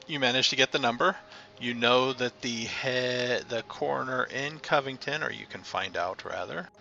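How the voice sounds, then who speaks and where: Bright-voiced male game master. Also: medium pitch, normal speed, gravelly, lo-fi sound, faint music behind. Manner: loose, hesitant narration with fillers. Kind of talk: narrating a tabletop game.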